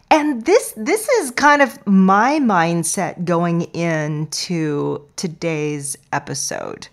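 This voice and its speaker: A woman hosting a podcast, talking in a playful, expressive way and sometimes dropping to a soft near-whisper. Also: fairly low pitch, slow pace, hardly any pauses. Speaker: podcast host. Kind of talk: podcast intro monologue.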